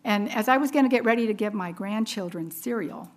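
A woman's voice: mid-range voice, brisk. A woman in her fifties giving a personal testimony sermon, earnest and storytelling, laughing at herself along the way. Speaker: women's ministry speaker.

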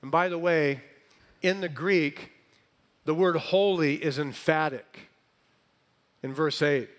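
A man preaching a sermon, quizzing the congregation with questions and swinging between loud emphatic phrases and hushed lines. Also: on the high side, slow pace, long pauses.

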